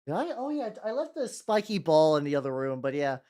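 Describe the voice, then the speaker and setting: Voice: mid-range voice, very animated, a little fast, mellow. Rambling streamer greeting chat. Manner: rambling, greets chat by name, swears casually. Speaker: VTuber streamer painting miniatures. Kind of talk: casual livestream chat.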